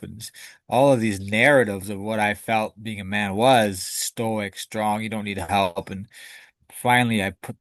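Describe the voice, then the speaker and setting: Male guest, low voice, dry sound, candid and emotional storyteller who curses freely. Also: fairly even intonation, moderate pace, no echo. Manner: emotional, candid, swears casually. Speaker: podcast guest.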